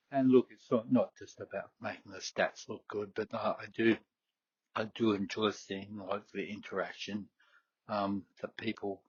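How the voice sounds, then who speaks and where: Middle-aged Aussie host from Queensland, low husky voice, chatty and halting, muffled close mic. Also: dry recording. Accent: Queensland Australian. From Queensland, Australia. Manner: rambling, hesitant, many fillers and restarts. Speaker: fitness podcast host. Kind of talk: casual solo talk.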